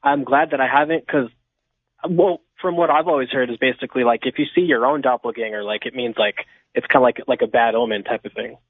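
A man's voice: mid-range voice, brisk, slightly rough, no echo. A man from California calling in to a radio show, telling a story with lots of fillers and restarts. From Inland Empire, California. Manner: rambling, many fillers and restarts. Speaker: caller. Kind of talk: storytelling over the phone. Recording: tinny phone line.

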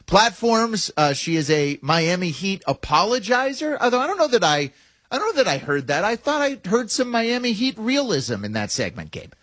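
A man hosting a sports talk show, animated and wry, thinking out loud about teams. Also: sits high, moderate pace, no echo. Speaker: sports radio host.

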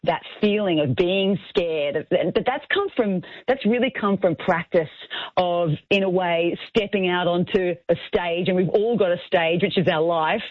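An Australian author, interviewed on the radio over a phone line, speaks earnestly and encouragingly in short phrases. Her voice is on the low side and a little slow, with no echo.

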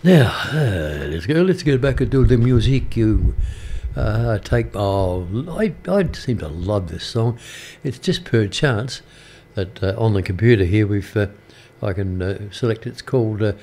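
An older Australian man presenting community radio, telling a story in a rambling, halting way with many fillers. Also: fairly low pitch, animated, mellow, slight background noise. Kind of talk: casual radio chat between songs. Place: radio studio.

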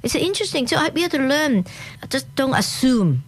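A woman's voice: sits high, sing-song, moderate pace, husky. Chatty woman with a Hong Kong accent. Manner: chatty and enthusiastic, laughs often. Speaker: guest. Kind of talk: casual interview chat.

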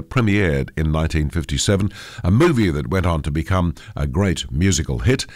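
An older man hosts a radio show, his voice stuffy and nasal from a head cold. He speaks low and deep, with a lively rise and fall in pitch. He talks in a chatty, relaxed way with plenty of "uh"s, close to a studio mic in a dry, dead room. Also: dry recording. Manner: chatty, with frequent "uh" fillers. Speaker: radio host. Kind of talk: radio announcing.

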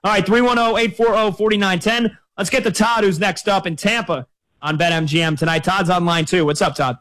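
A man's voice: high-pitched, steady tone, fairly quick, fairly bright tone. A man hosting a sports radio call-in show, talking in a chatty, conversational way.

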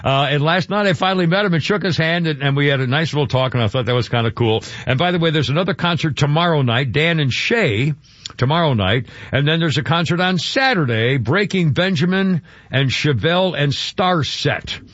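A man's voice: on the high side, animated, fairly quick, a bit bright, no echo. Rambling man on a dry, dull radio mic. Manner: rambling, stumbling over words, chuckling asides. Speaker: radio talk host. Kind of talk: casual rambling chat.

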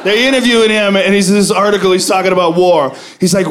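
A man doing a profane stand-up comedy routine on a club stage, brash with loud punchlines. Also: high voice, fast, few pauses. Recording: live club recording, audience laughter. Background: crowd laughing.

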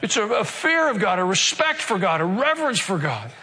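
In a church sanctuary, a pastor preaches a sermon with long reverb trailing each phrase. His voice is fairly high, bright, forceful and very animated, and he speaks earnestly, asking the congregation rhetorical questions and slowing down whenever a point matters.

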